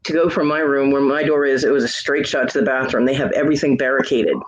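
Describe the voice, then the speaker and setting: A man's voice: mid-range voice, steady tone, quick pace. A man telling a long, rambling story in casual chat, swearing freely and quoting the people involved. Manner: rambling, profane, quotes others. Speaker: streamer chatting with friends. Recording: muffled lo-fi mic with faint hiss.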